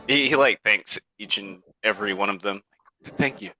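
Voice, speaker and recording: A man's voice: on the low side, a little fast, music in the background, poor audio. A man playing in a tabletop game who stammers and sounds flustered as he talks. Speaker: player. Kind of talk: tabletop role-play.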